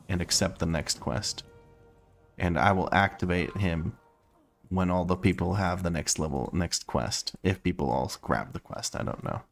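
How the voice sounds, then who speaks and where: A man with a low, gravelly voice livestreams a game from his home room. He chats in a playful, casual way, thinking out loud and laughing frequently.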